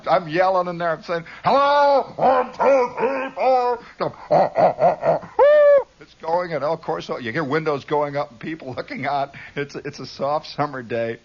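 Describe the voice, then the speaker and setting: A middle-aged man spinning a rambling radio monologue, digressive and animated, breaking into laughing asides and sudden shouts. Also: mid-range voice. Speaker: radio storyteller. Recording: dull lo-fi 1960s radio broadcast.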